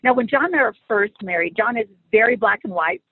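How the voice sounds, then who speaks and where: Husky-voiced woman teaching on faith. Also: fairly high pitch, a little fast, no echo. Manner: animated and humorous, acts out quoted lines. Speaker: guest speaker on marriage and faith. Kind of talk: faith-based conversational teaching. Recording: phone-like dry audio.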